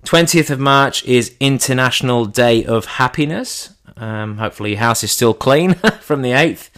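A man giving a comedic monologue in an irreverent, deadpan way, his pitch jumping up for punchlines. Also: moderate pace.

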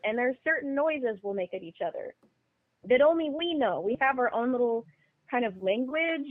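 A woman with a high voice appears as a podcast guest over a phone call, her audio tinny with no room sound. She talks casually and bluntly, offering emphatic opinions.

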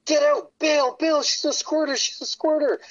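A man voicing an alarmed man from a TV comedy, yelling a warning. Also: extremely high pitch, fairly even intonation, moderate pace, no room sound, distant mic, highs cut off, voice pushed up.

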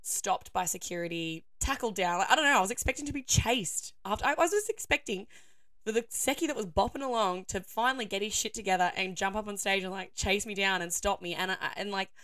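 A young woman hosting a casual solo podcast, her voice croaky and hoarse, chatting with lots of fillers and frequent laughter. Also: mid-range voice, brisk, fairly bright tone, no room sound, clean studio sound. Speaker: podcast host.

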